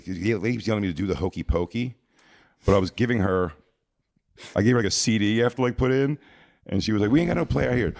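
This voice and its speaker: Man, low voice, dry close sound, rambling funny story. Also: no echo. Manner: rambling, animated, acts out voices in stories. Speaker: podcast guest. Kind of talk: comedic storytelling.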